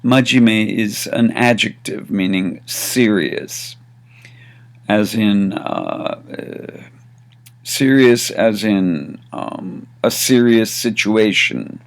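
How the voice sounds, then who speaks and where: A man with a low, gravelly voice, speaking slowly as he teaches everyday phrases. He acts out each phrase, moving between flat statements and raised questions. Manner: slow and deliberate, demonstrating phrases with varied intonation. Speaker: language teacher. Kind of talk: casual spoken lesson.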